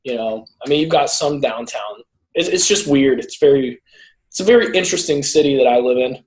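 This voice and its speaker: A man's voice: mid-range voice, brisk. A man co-hosting a podcast in casual chat, rambling through stories and laughing often. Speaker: podcast co-host; teacher. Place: lives in San Jose.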